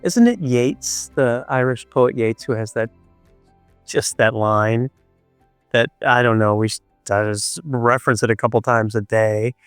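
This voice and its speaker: Middle-aged male storyteller, gentle and reflective, mid-pitched voice, dry close sound. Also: smooth, dry recording, soft background music. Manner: gentle, unhurried, with thoughtful pauses. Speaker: storyteller and podcast co-host.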